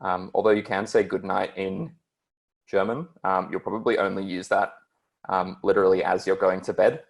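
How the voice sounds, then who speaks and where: Young man, deep flat voice, halting with lots of ums, online German tutor. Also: gravelly. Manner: hesitant, many ums, explanatory. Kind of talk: online beginner language lesson.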